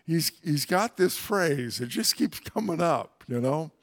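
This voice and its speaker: A man's voice: on the high side, expressive, unhurried, a bit bright. A man teaching through a Bible passage in a conversational way, with wry, folksy asides.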